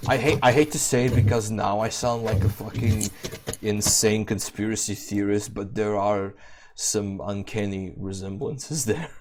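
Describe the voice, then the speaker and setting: Podcast co-host, man, low-pitched, loose and profane, casual banter. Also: steady tone, a little slow, background noise. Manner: profane, talks over others, loud bursts. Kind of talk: casual chat.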